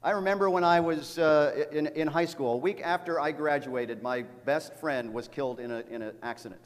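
A man's voice: fairly high pitch, normal speed. A middle-aged man preaching a sermon as a pastor, speaking earnestly and often repeating words as he tells a story. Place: church sanctuary. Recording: long reverb of a large hall.

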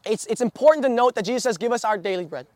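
A man's voice: very high-pitched, lively intonation, racing, a little mellow, no room sound. A young man preaching a sermon, telling stories with many restarts and fillers. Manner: storytelling with frequent restarts and filler.

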